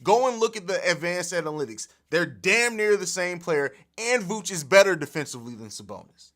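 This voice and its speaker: Animated, profane man hosting a livestream. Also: high voice, brisk. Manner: animated, profane, laughing often. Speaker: podcast host. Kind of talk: casual livestream chat. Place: home studio. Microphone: overhead mic.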